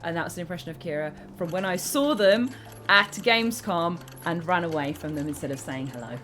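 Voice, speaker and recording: A woman's voice: on the low side, a little fast, fairly bright tone, soft background music. A British woman chatting casually on a live stream, reading comments aloud and making giggly asides.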